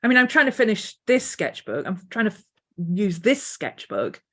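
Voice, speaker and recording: A woman artist thinking aloud as she sketches, unhurried, now and then cooing to her dog. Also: medium pitch, sing-song, fairly bright tone. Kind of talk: casual art vlog narration. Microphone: desk mic.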